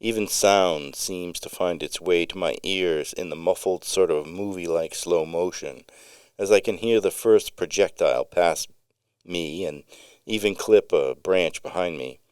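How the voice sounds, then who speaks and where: A man reading his own memoir story aloud as narrator, telling it in a vivid, unhurried way with occasional slips. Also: low voice, a little mellow, smooth, no echo, clean studio sound.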